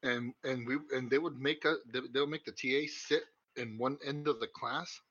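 A young man co-hosts a podcast in a muffled lo-fi recording with no room sound. His mid-range voice is steady and fairly bright at normal speed as he rambles through crude stories in casual chat, swearing and laughing a lot.

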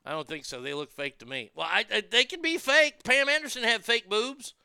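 A man rants profanely as he hosts a talk show. His voice sits high and sounds very bright and crisp. It swings between low muttering and loud outbursts, close on a dry mic. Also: animated, brisk, no room sound. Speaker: podcast host. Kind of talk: casual ranting monologue.

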